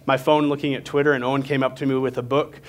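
A young man gives a sermon in a relaxed, talky way. He speaks at a middling pitch and mixes scripture with frank, self-mocking asides. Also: quick pace. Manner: conversational and candid, with self-deprecating asides. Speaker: preacher.

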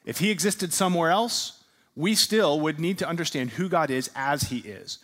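A man's voice: a little high, moderate pace, fairly bright tone. A man teaching a sermon-style class. He puts questions to his listeners, repeats their answers back, and leans hard on repeated words for emphasis.

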